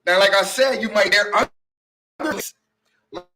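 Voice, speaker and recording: A man in a casual debate among friends, speaking in profane slang and pressing his point insistently, loud at times. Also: high-pitched, measured pace.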